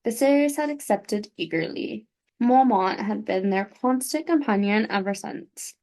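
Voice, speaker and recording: A woman's voice: medium pitch, animated, unhurried, a little mellow. A woman hosting a book podcast, reading a novel aloud casually at home at night, with stumbles, self-corrections and chatty asides.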